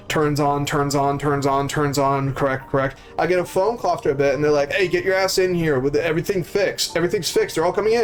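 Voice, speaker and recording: A young man, a live streamer, telling a story casually, full of swearing and acting out the voices of the people in it. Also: on the high side. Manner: profane, acts out voices of people in his stories.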